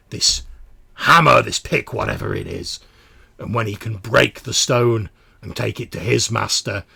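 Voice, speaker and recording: A man voicing a hulking, brutal male mutant tribe leader who shouts and domineers. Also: lowish voice, vocal fry, husky, no room sound, heavily acted.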